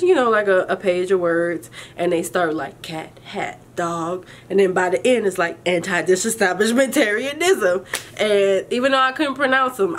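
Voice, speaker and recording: A young woman vlogging, telling her viewers a story in a chatty, animated, colloquial way and calling them y'all. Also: medium pitch. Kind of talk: casual storytelling to camera.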